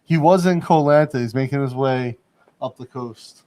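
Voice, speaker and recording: A man with a dark-toned, mid-range voice hosts a casual livestream chat from a studio in Bangkok, speaking at normal speed. He rambles, laughs often and hedges his points.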